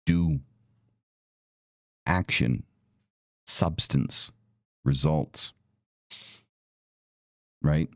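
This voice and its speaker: A man's voice: extremely low pitch, extremely slow, long pauses, no echo. A man hosting a podcast, talking casually, blunt and profane with emphatic delivery. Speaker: podcast host. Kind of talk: casual talk.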